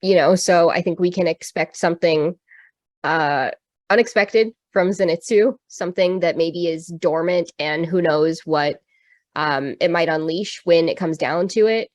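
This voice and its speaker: A woman's voice: lowish voice, measured pace, a little mellow, no room sound. A woman co-hosting a podcast, talking in a thoughtful, rambling way with lots of fillers. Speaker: podcast co-host. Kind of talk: casual chat.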